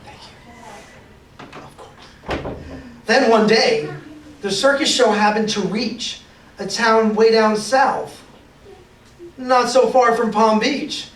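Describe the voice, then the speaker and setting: A man's voice: high voice, takes it slowly, slight background noise. A man reading a picture book aloud to children, playful and full of sound effects, heard in an echoey room from a distance.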